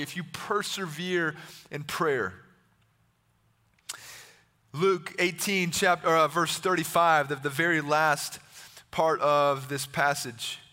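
A man's voice: a little high, pushed and bright. A man preaching a sermon with passion, repeating himself and acting out the voices of Bible figures. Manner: impassioned, repetitive, acts out the voices of Bible figures. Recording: long hall reverb.

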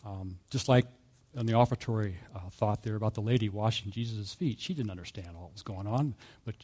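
A man preaching a sermon in a relaxed, conversational way, telling a story with fillers and small chuckles. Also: fairly low pitch, a little fast, husky. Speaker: pastor.

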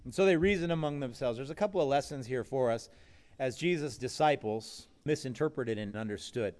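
A man preaching a sermon in a conversational way, acting out quoted voices with sudden rises in pitch. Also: brisk, darkish tone. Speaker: pastor. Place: event with food nearby.

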